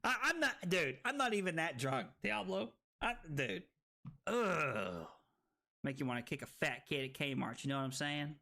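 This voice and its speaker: Brief: young female stream host, card game commentary, animated and loud, vivid pitch swings. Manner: animated, excitable, quick to laugh and shout.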